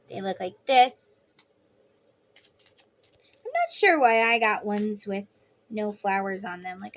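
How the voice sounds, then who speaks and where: A woman giving a casual tarot reading, chatty and rambling with lots of "like"s. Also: medium pitch. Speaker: tarot reader. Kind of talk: casual psychic reading vlog.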